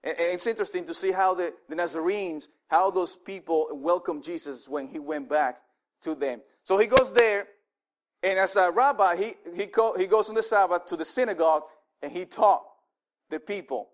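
A male pastor giving a sermon in an animated, conversational way, often restarting his words. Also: high-pitched, normal speed.

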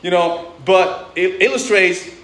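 A man with a high voice preaches in a loose, conversational way. He restarts phrases and breaks into asides. The room around him echoes. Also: unhurried, fairly bright tone. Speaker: pastor. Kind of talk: sermon.

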